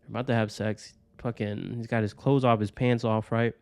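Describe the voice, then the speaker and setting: A man's voice: mid-range voice, fairly even intonation, normal speed, creaky, a little mellow, dry recording. A man hosting a podcast, talking through a personal story in a loose, rambling way, swearing often and tagging sentences with "right?". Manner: rambling, profane, keeps tagging lines with "right?". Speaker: podcast host. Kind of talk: casual personal monologue.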